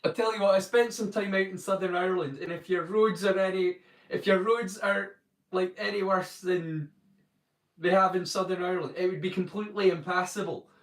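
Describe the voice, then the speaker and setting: Scottish guy from the northeast, higher voice, chatty livestream host, roomy sound a bit off mic. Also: steady tone, a little fast, distant mic. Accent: Scottish, northeast (Doric). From northeast Scotland. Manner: chatty, jokey, greets viewers by name. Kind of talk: casual live-stream chat with viewers.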